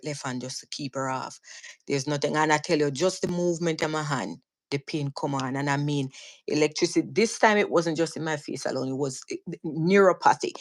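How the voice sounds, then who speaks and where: A woman with a Jamaican accent, a guest telling her own story in casual talk, earnest and vivid, often restarting and repeating words. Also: deep voice. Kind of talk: casual storytelling on a live stream.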